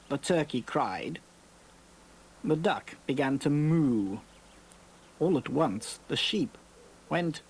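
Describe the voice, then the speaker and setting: A woman presents a children's programme in an unhurried, playful way, reading rhymes aloud for young listeners. Her voice sits slightly low but swoops up and down with lots of expression. Loud music plays behind her. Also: expressive. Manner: playful, speaks slowly and clearly to young children.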